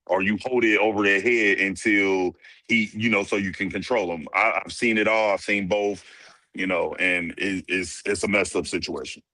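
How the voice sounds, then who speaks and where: A man with a fairly low but bright, forceful voice, making his points in loose, casual sports banter. He talks emphatically and stumbles over repeated words as he gets going. The sound is dry, with little room echo. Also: steady tone, moderate pace. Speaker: podcast co-host.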